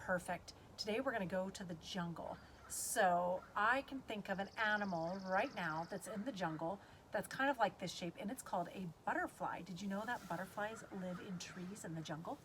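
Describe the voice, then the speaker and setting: A woman's voice: medium pitch, moderate pace, fairly bright tone, slight background noise. A woman leading a guided kids yoga class, cueing poses in an upbeat, playful way and making animal sounds.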